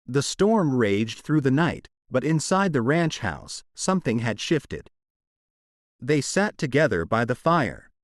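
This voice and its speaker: A man narrating a romance audiobook in a dramatic, expressive storytelling manner. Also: mid-range voice, a little slow, dry recording, clean studio sound.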